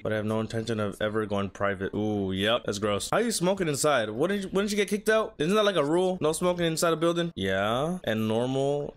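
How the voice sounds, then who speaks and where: A man's voice: mid-range voice, fairly bright tone. Chatty man talking back to his screen. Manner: chatty, talks back to the screen, reads subtitles aloud. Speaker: reaction video host. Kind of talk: casual anime reaction commentary.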